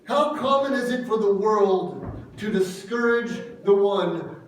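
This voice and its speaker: A man's voice: high voice, expressive, measured pace, a little hiss or hum. A man preaching a sermon as pastor, earnest and emphatic, repeating phrases for weight. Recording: echoey room from a distance.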